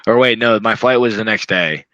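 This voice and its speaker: A young man talking casually as a podcast guest, laughing often and acting out his own reactions with quick voices. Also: on the low side, fairly bright tone, no echo, highs cut off. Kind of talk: casual chat.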